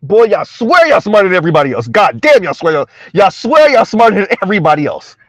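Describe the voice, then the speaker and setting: A man's voice: high-pitched, sing-song, fast talker, fairly bright tone, no echo. A man giving a mocking reaction commentary, stammering and repeating himself as he jeers. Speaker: commentary vlogger.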